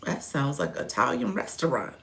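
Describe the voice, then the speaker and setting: Woman, low voice, gravelly fry, livestream host, casual chat with viewers, playful, laughs a lot. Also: big pitch swings, moderate pace. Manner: chatty and playful, laughing often between remarks.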